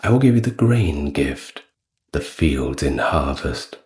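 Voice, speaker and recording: Moaning underworld queen, guy voicing her, deep, drawn out. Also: big pitch swings, slow pace, darkish tone, a little hiss or hum, exaggerated voice. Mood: regal.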